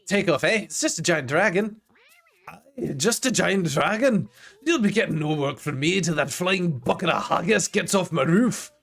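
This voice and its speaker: A man voicing a grumpy, stubborn male villager with a put-on Scottish accent and a gruff, dismissive grumble. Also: high voice, lively intonation, moderate pace, fairly bright tone, pitched above the performer's own voice, exaggerated voice. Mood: grumbling.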